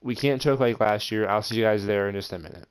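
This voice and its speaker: A young man hosting his gaming channel, commenting over football video game footage in an excitable way with frustrated outbursts. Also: on the low side, fast, clean tone. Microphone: voice-over over gameplay.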